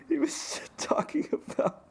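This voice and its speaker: A man co-hosting a podcast, telling an animated story in casual chat, laughing often and swearing freely. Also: extremely high pitch, takes it slowly, gravelly. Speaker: podcast co-host.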